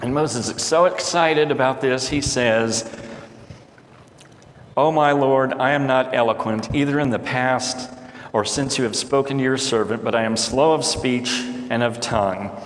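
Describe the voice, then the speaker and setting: Pastor preaching in an echoey hall. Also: male voice, medium pitch, moderate pace. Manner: reads scripture aloud and paraphrases it casually. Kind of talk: sermon. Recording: echoey hall with faint ambience.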